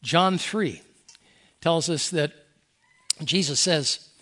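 Older man, pastor, sermon, high pitch, earnest, folksy. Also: extremely slow, fairly bright tone. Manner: earnest, folksy, reads scripture aloud with emphasis. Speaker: pastor emeritus.

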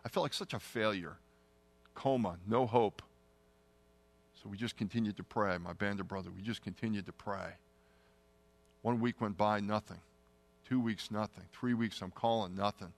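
A middle-aged man telling a personal testimony story, earnest and often dropping to a hushed tone. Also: fairly low pitch, normal speed, pauses often. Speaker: testimony speaker.

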